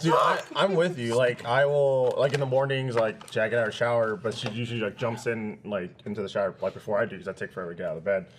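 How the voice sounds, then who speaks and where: A man's voice: mid-range voice, fairly even intonation, quick pace, hardly any pauses, a little hiss or hum. A man on a podcast telling a loose story full of fillers in casual chat. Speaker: podcast regular.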